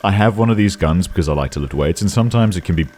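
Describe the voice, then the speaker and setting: A young man giving sarcastic comedic commentary on videos, breaking into high yelling outbursts. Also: expressive, racing. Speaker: YouTube commentator.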